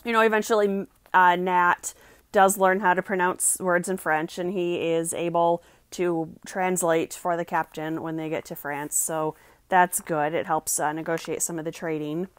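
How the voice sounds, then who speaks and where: A woman's voice: on the low side, flat delivery, moderate pace, clean tone, no echo. Woman, casual book review vlog, chatty, reads passages aloud, dry sound.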